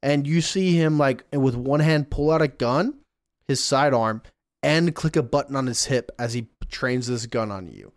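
A man's voice: mid-range voice, moderate pace, no room sound, clean studio sound. Man narrating as game master. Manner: descriptive, relaxed, rolls of dice.

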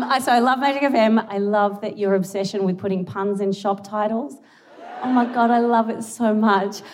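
A young Australian woman with a mid-range voice performs stand-up live in a large theatre using a stage mic. Her act is giggly, rambling and foul-mouthed with self-mocking humor, and audience laughter and crowd noise can be heard throughout the recording.

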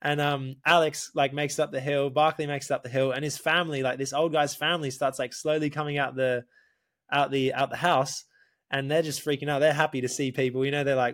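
Lively man telling a story. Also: mid-range voice, a little fast. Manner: lively, laughing, swears, quotes people. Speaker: podcast guest, racer. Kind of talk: casual storytelling.

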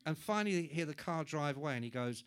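A man's voice: on the high side, fast talker, clean tone. A man, hosting a live podcast and telling an anecdote with lots of swearing and acted-out voices. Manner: animated storyteller, swears freely, acts out voices. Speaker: podcast host.

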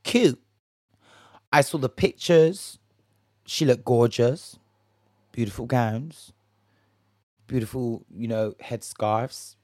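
A man's voice: mid-range voice, takes it slowly, pauses often, a little mellow, dry recording, studio quality. A man hosting a casual solo gossip podcast, chatty and jokey, swearing and rambling, a little tipsy. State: a bit tipsy. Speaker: podcast host.

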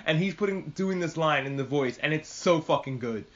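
A man's voice: fairly high pitch, brisk. A man hosting a casual spoken anime review, swearing and laughing often as he retells scenes. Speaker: podcast host reviewing anime. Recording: dull lo-fi audio.

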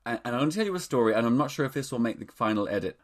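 A man's voice: medium pitch, expressive, racing. A man hosting his own podcast, camp, theatrical and self-mocking in casual chat. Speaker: podcast host. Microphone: studio microphone.

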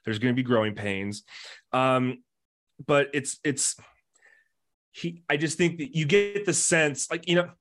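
A man's voice: a little high, unhurried, long pauses, a bit bright. A man co-hosting a casual podcast chat, talking things through with lots of "you know" and his voice rising when he makes a point. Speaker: podcast co-host. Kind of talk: casual chat about motor racing.

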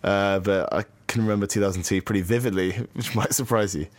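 Deep-voiced man chatting, dry sound. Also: steady tone, brisk, dry recording. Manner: teasing, chatty, trails off with fillers. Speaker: podcast co-host. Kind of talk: casual chat about cricket.

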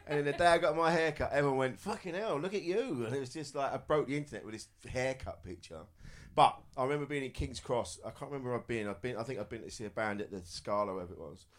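A man's voice: mid-range voice, quick pace, few pauses. A man telling a rambling anecdote on stage at a live comedy show, in a mild voice that never sounds aggressive. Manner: mild, unaggressive delivery.

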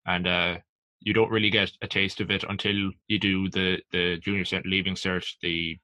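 A man's voice: sits low, flat delivery, normal speed, sharp tone, no echo. An Irish man in his twenties co-hosting a podcast, rambling loosely and saying "like" a lot. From Ireland. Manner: loose and rambling, heavy use of "like". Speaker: podcast co-host. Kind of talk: casual podcast chat.

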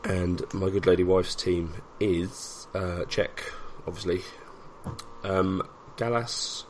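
A man chatting on a football podcast, dry and joking, his voice a bit hoarse. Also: deep voice, fairly even intonation, slow, a little hiss or hum, low-quality recording. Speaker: podcast co-host. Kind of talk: casual podcast chat.

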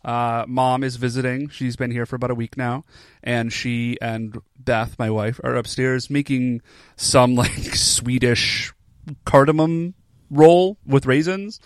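A man's voice: mid-range voice, steady tone, measured pace, clean tone, dry recording. A young man co-hosting a podcast in casual chat, laid-back and peppering his talk with "like". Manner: laid-back, says "like" often. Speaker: podcast co-host.

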